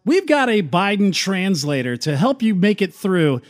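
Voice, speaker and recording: Brief: a man with a high, sardonic voice, mocking the news. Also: sing-song, normal speed. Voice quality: sarcastic, laughing asides. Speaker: commentary host. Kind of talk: sarcastic political commentary.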